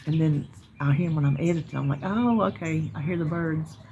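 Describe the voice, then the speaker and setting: Middle-aged Southern woman, gravelly voice, rambling folksy vlog chat, outdoors, faint birdsong behind. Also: sits low, brisk, dark tone, muffled recording, a little hiss or hum. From North Carolina, US. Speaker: vlogger. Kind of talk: casual chat. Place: outdoors in her yard. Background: birds chirping.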